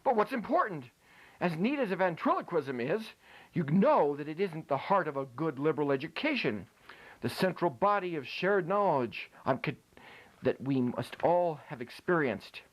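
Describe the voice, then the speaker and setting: A man's voice: on the high side, lively intonation, moderate pace. A man giving a playful comic lecture, joking while he demonstrates ventriloquism with food in his mouth.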